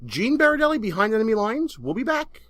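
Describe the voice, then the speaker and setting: Man, Brooklyn accent, radio talk host, lively swinging voice, slightly high, dry studio sound. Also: quick pace, no room sound. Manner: brash, jokey, plugs the show.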